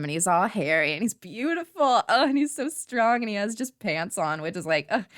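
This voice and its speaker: Gushing, animated woman vlogger, dry close sound. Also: lowish voice, no room sound. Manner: gushing, animated, sarcastic asides. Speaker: movie vlogger. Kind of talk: casual chat.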